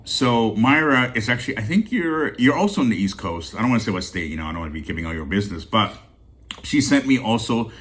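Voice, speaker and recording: A man's voice: on the low side, lively intonation, fast, fairly bright tone. A man hosting a bargain-haul channel, talking to viewers in a heartfelt, rambling way, teary-eyed and emotional. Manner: heartfelt and rambling, with many restarts. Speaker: deal-hunting channel host. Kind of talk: casual vlog chat.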